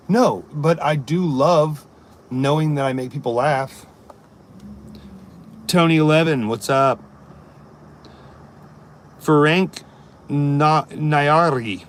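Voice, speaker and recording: A man's voice: mid-range voice, a little slow, long pauses, a little hiss or hum. A man and amateur comic chatting on a live stream, telling rambling jokey stories and answering his viewers. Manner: jokey, rambling storyteller who chats to viewers.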